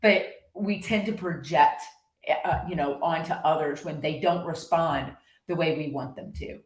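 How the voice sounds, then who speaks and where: A woman talks through coaching ideas in a loose, rambling way, restarting sentences as she goes. Her voice sits on the low side. The room around her is echoey. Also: unhurried. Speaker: horse-based coach. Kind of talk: casual monologue.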